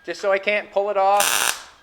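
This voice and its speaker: A man's voice: high voice, level tone, normal speed, very noisy. A middle-aged man building a car in his garage, rambling and thinking aloud to the camera as he fits and tacks metal. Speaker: car builder and show host. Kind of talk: casual shop talk while working. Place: garage workshop.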